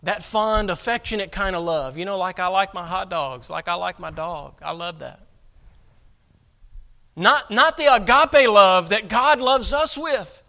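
Preaching a sermon, this man has a high, bright, forceful voice with lively intonation, a slightly slow pace, and some vocal fry. He drives his points home emphatically, stumbling over repeated words, and moves between loud emphasis and softer asides.

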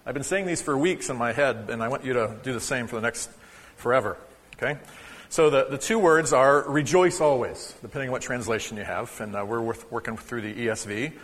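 A man's voice: mid-range voice, a little fast, fairly bright tone, long reverb tail. A man preaching a sermon to his congregation in a conversational, joking way, teaching a short lesson. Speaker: pastor. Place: church sanctuary.

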